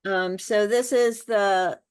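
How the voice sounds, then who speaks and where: A woman's voice: mid-range voice, steady tone, slow, clean tone. A woman on a video call, thoughtfully talking through a picture book she holds up. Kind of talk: casual group chat on a video call.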